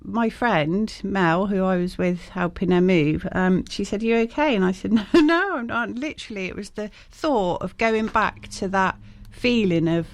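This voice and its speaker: Brief: chatty, frank woman guest, mid pitch, close dry sound. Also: measured pace, hardly any pauses, dry recording. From England. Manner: chatty, frank, many fillers and restarts. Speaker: guest, shop owner. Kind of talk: casual conversational interview.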